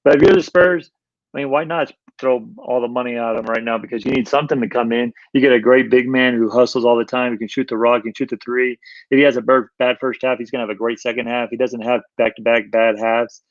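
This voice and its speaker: A man's voice: medium pitch, fairly even intonation, quick pace, dry recording. A man co-hosting a casual sports talk show, rambling and emphatic, repeating himself as he makes his points. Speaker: sports podcast co-host. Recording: dull, lo-fi dry sound.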